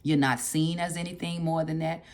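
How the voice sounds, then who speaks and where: This woman has a deep, darkish voice with vocal fry, keeping a steady tone at a moderate pace. She runs a relaxed book club discussion with read-aloud passages, chatting conversationally, repeating phrases to stress them, and addressing listeners directly.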